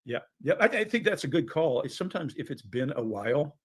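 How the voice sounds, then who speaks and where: A man's voice: on the high side, very animated, brisk, slightly rough. A man with interrogation experience talking through a case on a true crime panel in a casual, analytical way. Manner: analytical, questioning.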